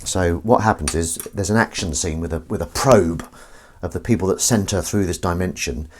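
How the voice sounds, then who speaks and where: A man's voice: low voice, normal speed, a little mellow, a little hiss or hum. A man chatting casually on a live stream while washing up, rambling and self-mocking, sometimes cooing at his cat. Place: home kitchen. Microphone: desk microphone.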